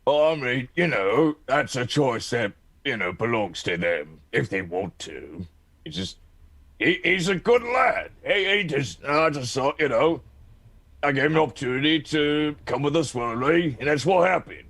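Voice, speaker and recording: Husky guy at a tabletop game, voice all over the place, jokey rambling. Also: mid-range voice, sing-song, a little slow, a bit bright. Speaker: player. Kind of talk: in-character tabletop play.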